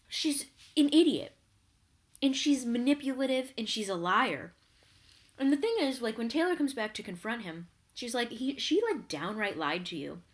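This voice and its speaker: A woman vlogger giving an exasperated, profanity-laden rant recapping a reality TV show. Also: a little high.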